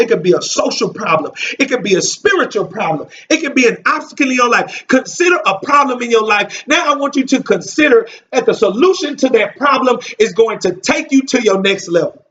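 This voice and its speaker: High-voiced man preaching emphatically. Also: recorded from a distance, dull audio, slight background noise. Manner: emphatic, repetitive preaching with rising shouts. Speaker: minister. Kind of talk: Bible study sermon.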